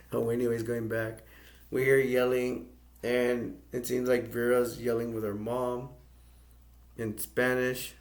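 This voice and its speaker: A man from the United States casually recapping a film's plot in a flat, rambling way. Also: medium pitch, takes it slowly, pauses often. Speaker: movie reviewer.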